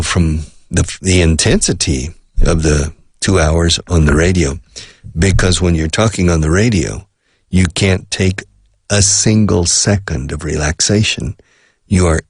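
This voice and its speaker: A man's voice: low-pitched, vocal fry, breathy edge, no room sound, studio quality. A middle-aged man hosting a radio show and teaching English, chatting casually, dropping in phrases and laughing often. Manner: chatty, mixes Spanish glosses, laughs often.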